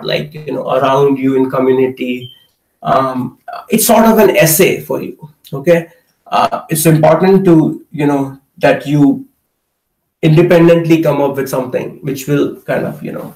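A man's voice: fairly high pitch, darkish tone. A man teaching a live online Hindi class, explaining with many fillers and checking in with "okay" as he goes. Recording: echoey room, mic at a distance.

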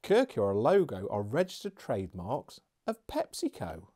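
A man's voice: lowish voice, lively intonation, normal speed, a little mellow. A man reviewing beer and snacks in a casual, chatty, jokey vlog with rambling asides.

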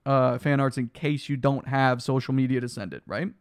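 A man's voice: mid-range voice, normal speed, clean tone, dry recording, clean studio sound. A young man streaming a block game live, chatting casually and reading his chat aloud, tired from lack of sleep. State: sleep deprived, yawning.

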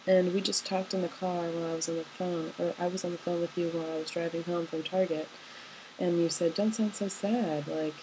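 A young college-age woman speaks a personal voice message to someone she loves, wandering from thought to thought with soft hesitations. Her voice sits slightly low for a woman. A faint hiss runs under the recording. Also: monotone, fast talker. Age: young adult. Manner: rambling, tender and hesitant, with many ums. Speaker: college student.

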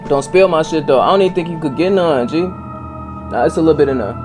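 A man's voice: a little high, a little fast. A man giving casual, profane let's-play commentary, talking straight to his viewers. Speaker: gaming video host. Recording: game music behind.

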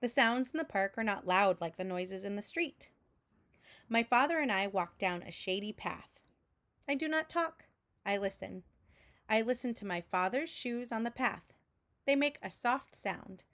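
A woman teacher reading a picture book aloud to children in a slow, clear storytelling manner, making sound effects with her voice between lines. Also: mid-range voice, lively intonation, fairly bright tone. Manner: adds vocal sound effects between narration.

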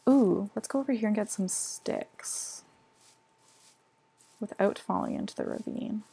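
A woman's voice: medium pitch, lively intonation, unhurried, gravelly, mellow, husky. A young woman chatting casually as she plays a game, self-mocking and full of filler words. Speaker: gaming vlogger. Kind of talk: casual gameplay commentary. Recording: noisy home recording.

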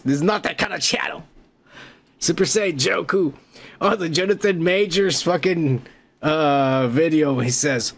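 A podcast host with a fairly high voice for a man. He swears freely and rambles through a story in a casual comedic way, laughing as he goes.

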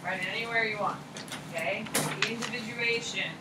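A woman's voice: fairly high pitch, normal speed, very noisy. A woman in her thirties, a teacher giving a chatty classroom lecture and quizzing her students. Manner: lively, chatty, asks the class questions.

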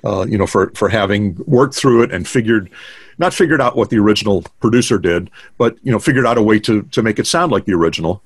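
Older man with a low voice. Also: animated, fast, husky, no room sound. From United States. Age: 60s. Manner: rambling, many fillers and restarts. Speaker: guest drummer. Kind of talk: casual storytelling interview. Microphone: video call.

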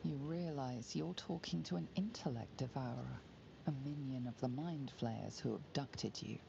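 A woman narrating a fantasy video game in a measured, ominous storytelling tone. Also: extremely low pitch, creaky, lo-fi sound, noisy background, full character voice. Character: calm, knowing female narrator of a fantasy game. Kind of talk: scripted narration.

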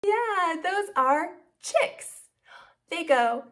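A woman hosting a toddler learning video, speaking slowly and sounding out words in an exaggerated teaching manner. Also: very high-pitched, expressive, pushed and bright. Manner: slow, exaggerated, sing-song teaching to toddlers. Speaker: children's educational video host. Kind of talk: toddler speech lesson.

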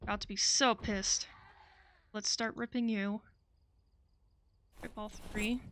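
Bright-voiced young woman swearing through a game. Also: medium pitch, steady tone, slow pace, a little hiss or hum. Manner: frustrated, swears often, talks to the game. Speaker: gaming video creator. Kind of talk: let's-play commentary.

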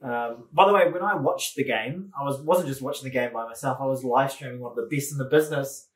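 A New Zealand man chatting casually as a podcast co-host, with blokey banter and jokes. His voice sits at a middling pitch, and the room around him is noticeably echoey. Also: fast talker. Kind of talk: casual chat.

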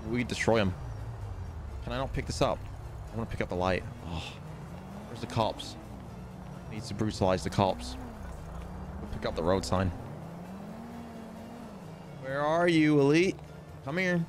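A man streaming a roleplay game, excitedly repeating himself and issuing in-character threats. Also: on the low side, measured pace, pauses often, over music. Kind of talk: live game commentary.

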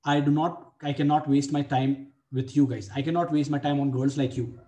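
A man's voice: fairly high pitch, fairly even intonation, normal speed, dark tone. Blunt young man, echoey room. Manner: blunt, profane, repeats phrases for emphasis. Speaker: dating coach. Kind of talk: personal story for a webinar.

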